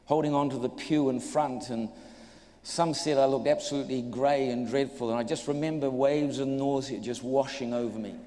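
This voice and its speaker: New male preacher, comic testimony storyteller, mid pitch, echoey hall sound. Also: moderate pace. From New Zealand. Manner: animated storyteller, acts out voices, jokes with audience. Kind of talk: humorous sermon testimony.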